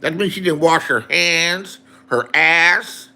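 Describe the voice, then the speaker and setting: A man's voice: a little high, slow, sharp tone. A man in a profane, angry rant to his viewers, repeating insults. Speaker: online streamer.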